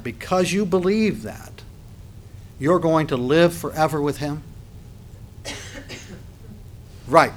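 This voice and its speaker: A man preaching a sermon as a pastor. He rises sharply in pitch and volume when he reads scripture aloud. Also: fairly bright tone, a little hiss or hum.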